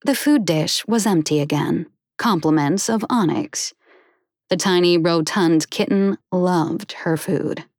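A woman narrating a children's animal story in a steady, even reading voice. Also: lowish voice, slow, no room sound, clean studio sound.

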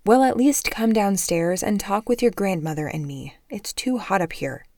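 A woman's voice: mid-range voice, animated, moderate pace, darkish tone, dry recording, close to an everyday voice. Female narrator as exasperated middle-aged mom, emphatic scolding, audiobook, dry. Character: exasperated middle-aged mother, sharp-tongued and loud.

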